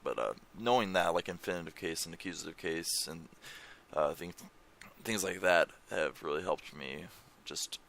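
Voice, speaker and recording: A young man talks loosely at home, rambling from one thought to the next and swearing offhandedly. His voice sits very low with a gravelly fry, yet it carries a bright, forward edge. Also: normal speed. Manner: rambling, swears casually, reads foreign lyrics aloud. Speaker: language-learning vlogger. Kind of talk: casual screen-share chat. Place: home room.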